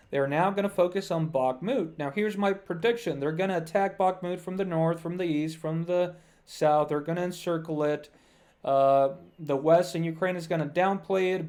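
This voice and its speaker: A man's voice: sits high, darkish tone. A man giving casual news commentary to his viewers over a map, talking loosely with many "uh" fillers and calling the audience "guys".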